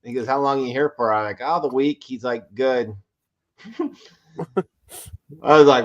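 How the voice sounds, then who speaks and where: A man's voice: medium pitch, a little slow, long pauses. A man from Pennsylvania telling laid-back, profane stories in a casual livestream chat. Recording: dull lo-fi audio.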